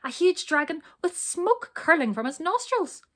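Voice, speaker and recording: Reading a children's storybook aloud, a woman with a very high-pitched voice performs expressively and stops now and then to ask her listeners questions.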